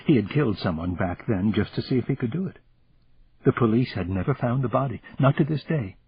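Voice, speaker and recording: A man reading a thriller audiobook in the third person, in a grave, measured way. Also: medium pitch, expressive, breathy edge. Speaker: audiobook narrator. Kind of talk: third-person scripted narration. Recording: dull lo-fi recording.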